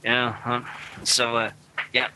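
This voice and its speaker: A man from Sheffield with a Sheffield accent, hosting a casual radio chat, excitable and swearing freely. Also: mid-range voice, slow pace, a little hiss or hum. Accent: Sheffield English. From Sheffield, England. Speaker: radio show host. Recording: internet radio show.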